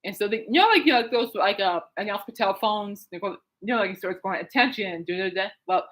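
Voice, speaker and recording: A woman hosts her own podcast alone at home late at night. She rambles through a story with lots of fillers and asides, getting excitable as she goes. Her pitch sits right in the middle for a woman. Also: fast talker, low-quality recording. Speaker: podcast host. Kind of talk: casual rambling monologue.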